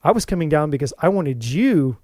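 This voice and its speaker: A man's voice: on the high side, big pitch swings, fairly quick, a little mellow, no echo, clean studio sound. A man voicing a hurt young woman who pleads to be appreciated, in an emotional tone. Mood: pleading.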